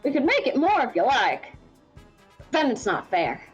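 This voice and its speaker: A woman's voice: high voice, huge pitch swings, moderate pace, muffled recording, faint music behind. A woman doing a hearty carnival barker. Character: loud cheerful carnival barker running wrestling ring.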